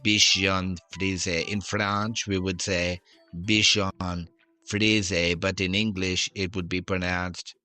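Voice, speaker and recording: A man mimicking a slow, fussy male online pronunciation guide with drawn-out, overly careful enunciation. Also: low-pitched, level tone, sharp tone, dry recording, soft background music, heavily acted. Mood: slow, precise.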